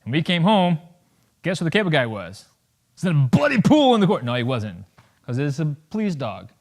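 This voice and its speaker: A man in his thirties giving a lively, joking talk to a college audience, acting out little voices as he goes. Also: on the high side. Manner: animated, jokey, acts out quick voices. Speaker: guest speaker.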